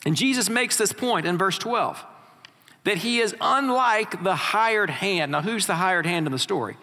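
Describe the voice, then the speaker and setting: A man's voice: sits high, animated, normal speed, bright, forceful tone. A man preaching a sermon as pastor, reading scripture and asking rhetorical questions of his congregation in a church. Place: church sanctuary. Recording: long hall reverb.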